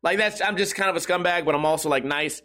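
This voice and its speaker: A man's voice: high-pitched, fast talker, sharp tone. A young man telling rambling, profane stories in a casual solo talk show. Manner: profane, rambling, self-mocking. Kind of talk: casual crude storytelling monologue.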